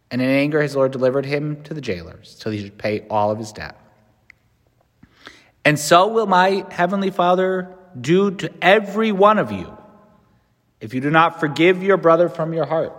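A man's voice: a little high, lively intonation, moderate pace. A man, a priest, giving a spoken meditation on scripture. He is earnest and builds to emphatic peaks, then drops into casual asides. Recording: long reverb in a large room.

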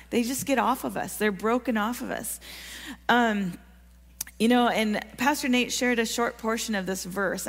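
Earnest woman preaching in a reverberant hall. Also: mid-range voice. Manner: earnest, encouraging, asks the congregation questions. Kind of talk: sermon. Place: church sanctuary. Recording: long reverb of a large hall.

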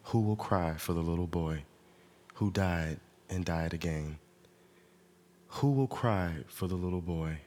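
A man acting out a troubled young man who slowly reads his own poem aloud. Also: low-pitched, darkish tone.

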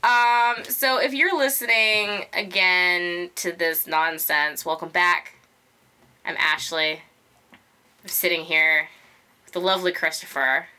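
A woman hosting a casual podcast chat, loud and profane, often breaking into shrieking laughter. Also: fairly low pitch, steady tone, slow pace, clean tone. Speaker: podcast host.

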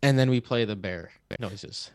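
A young man co-hosting a podcast, telling a story in a casual, animated way, laughing and swearing as he goes. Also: fairly low pitch, measured pace, clean tone, no room sound, studio quality. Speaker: podcast co-host.

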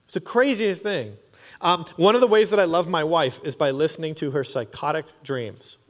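A man's voice: fairly high pitch, moderate pace, a little hiss or hum. A man in his forties preaching a sermon in a casual, slangy storytelling way, recorded in a church auditorium. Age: 40s. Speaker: pastor. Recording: long reverb of a large hall.

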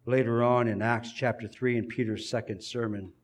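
A man preaching a sermon in an earnest way, building emphasis and pausing between phrases. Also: medium pitch, steady tone, a little hiss or hum.

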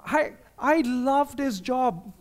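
High-voiced man preaching earnestly. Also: lively intonation, slow pace. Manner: earnest, personal preaching with rhetorical questions. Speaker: pastor. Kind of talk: sermon.

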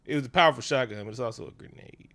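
Casual co-host: animated, profane man with a bright, forceful tone. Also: mid-range voice, rapid-fire, gravelly. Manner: animated, profane, jumps into funny voices. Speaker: podcast co-host. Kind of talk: casual chat.

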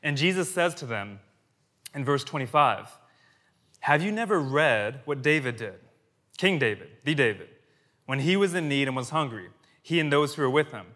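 A pastor in his thirties preaching a sermon to a church, casual and conversational, swinging between loud emphasis and quiet asides. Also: medium pitch, expressive, normal speed.

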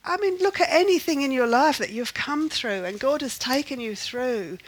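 An older woman leads a Bible study in a fairly high voice, speaking earnestly and emphatically. She builds her points by repeating phrases, pressing each idea home in a warm, conversational teaching style. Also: expressive, normal speed, rough recording.

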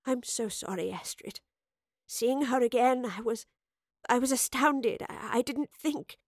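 A woman voicing an older female professor, gentle and guilt-ridden, speaking softly and tearfully. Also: on the high side, a little slow, dry recording, studio quality. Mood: remorseful. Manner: soft, tearful, hushed. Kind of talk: audiobook character voice.

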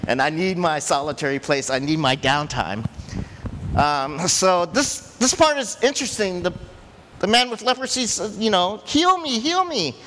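Animated male preacher in a reverberant hall. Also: moderate pace, slight background noise. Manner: animated, laughs often, rises sharply in pitch for emphasis. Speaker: pastor. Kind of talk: sermon.

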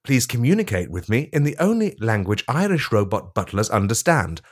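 A man's voice: medium pitch, very animated, a little fast. A man voicing a reluctant male robot butler, stiffly formal and awkwardly suggestive.

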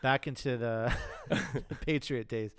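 A man co-hosting a podcast, talking casually about films, with relaxed swearing. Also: medium pitch, takes it slowly, clear, resonant tone, no echo, clean studio sound. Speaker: podcast co-host. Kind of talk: casual chat.

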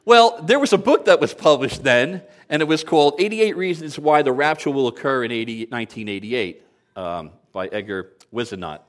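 A man's voice: mid-range voice, lively intonation, normal speed. A man in his sixties preaching a sermon to a congregation, conversational and lightly humorous, asking the listeners rhetorical questions. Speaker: pastor.

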